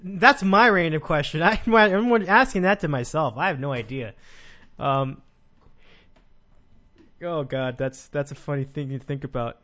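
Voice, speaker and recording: Rambling sports podcast host. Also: male voice, a little high, unhurried, long pauses, pushed and bright. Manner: rambling, frequent restarts and laughs. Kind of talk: casual sports podcast chat.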